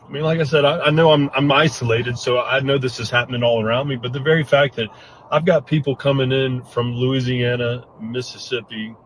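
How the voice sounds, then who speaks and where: A man's voice: mid-range voice, fairly even intonation, fairly quick, a little hiss or hum, poor audio. A man giving an earnest, choked-up update after a storm, speaking bluntly. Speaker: hurricane survivor giving an update. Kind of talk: emotional first-person update.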